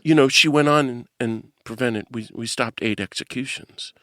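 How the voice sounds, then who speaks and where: An older man hosting an interview, telling an animated story and laughing at himself. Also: medium pitch, normal speed, dry recording, clean studio sound. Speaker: podcast host.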